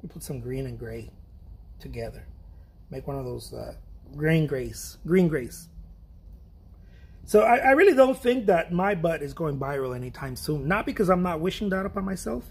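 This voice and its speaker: A middle-aged man with a gravelly, slightly husky voice, sitting a touch high for a man. He rambles casually while he paints, laughing at his own jokes and losing his thread. His talk is loose and self-deprecating. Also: expressive, moderate pace, darkish tone. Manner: chatty, self-deprecating, laughs often, trails off and restarts. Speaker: painter streaming an art chat.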